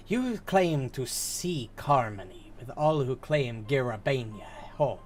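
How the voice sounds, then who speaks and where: A stern, proud envoy of a serpent folk, voiced by a man reading along with a game. She speaks slowly and formally in a put-on accent, measured and wary. The pitch sits in an ordinary middle range. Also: lively intonation, slight background noise. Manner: slow, formal, measured delivery.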